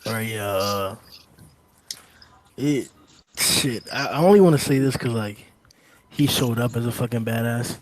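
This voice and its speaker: A man's voice: medium pitch, a little slow, pauses often. A man in a casual group voice chat, rambling with lots of fillers and swearing. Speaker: discussion participant.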